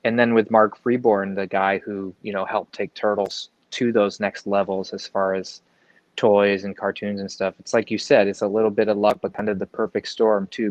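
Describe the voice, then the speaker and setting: A man's voice: lowish voice, no echo. A man appearing as a guest in a casual interview, rambling conversationally with lots of fillers and asides. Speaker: guest comic book creator. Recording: dull, dry lo-fi sound.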